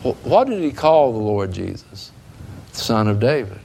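A man's voice: on the low side, sing-song, measured pace, creaky, warm tone, slightly rough. A man preaching a sermon in a fervent, emphatic way that builds in intensity.

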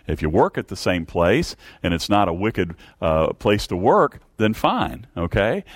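Low-voiced pastor, halting and earnest. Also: male voice, no room sound. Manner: halting, repeats words and restarts, asks the congregation questions. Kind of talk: sermon.

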